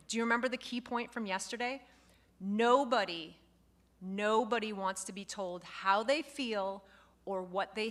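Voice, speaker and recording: A woman instructor giving a lively lecture to a live class, acting out example phrases as she goes. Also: medium pitch. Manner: lively, expressive, acts out quoted phrases.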